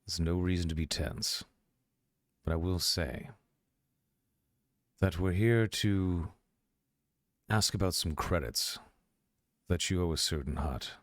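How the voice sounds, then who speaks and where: A man voicing a very deep-voiced, polite doctor whose courtesy hides a threat. He speaks in measured, gracious phrases during a tabletop role-play, with a dry, close sound. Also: no room sound. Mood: smooth. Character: smooth-talking male doctor, polite and quietly menacing.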